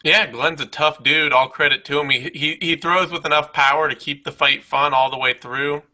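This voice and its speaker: A man's voice: fairly high pitch, fairly even intonation, moderate pace, bright, forceful tone, low-quality recording. A man co-hosting a casual post-fight chat, blunt and emphatic, swearing freely as he breaks down the bouts. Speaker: co-host.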